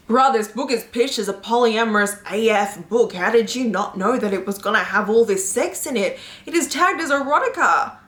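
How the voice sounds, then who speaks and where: A young woman reacting to book reviews in a casual, animated, exclamatory way, laughing often and swearing casually. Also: fairly high pitch, normal speed, hardly any pauses. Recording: echoey room.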